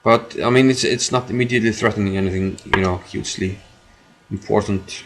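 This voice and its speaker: A man streaming his own chess game, commenting live as he thinks aloud, repeating phrases and filling pauses. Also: on the low side, steady tone, fairly bright tone, slight background noise.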